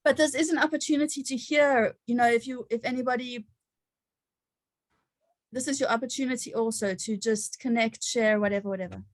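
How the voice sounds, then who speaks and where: A woman's voice: a little high, steady tone, brisk, dry recording. A woman hosting an online gathering, sharing personal stories in a chatty way with frequent laughter and fillers.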